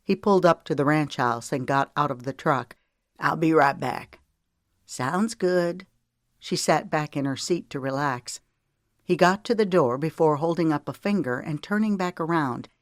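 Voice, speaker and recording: An audiobook narrator reading a romance novel in an even, gentle storytelling manner. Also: medium pitch, normal speed, dry recording, clean studio sound. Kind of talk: scripted narration.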